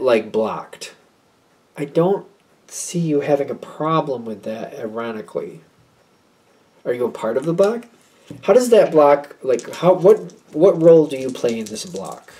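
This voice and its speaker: A man's voice: fairly high pitch, warm tone. A man doing a casual tarot card reading, chatty and thinking aloud with many fillers. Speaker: tarot reader.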